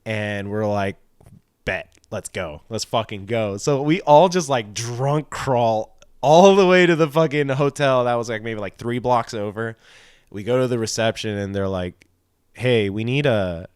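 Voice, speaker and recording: A man's voice: lowish voice, normal speed, clear, resonant tone, no echo. Young man, podcast co-host, rambling, profane, filler-heavy, dry recording. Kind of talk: casual storytelling.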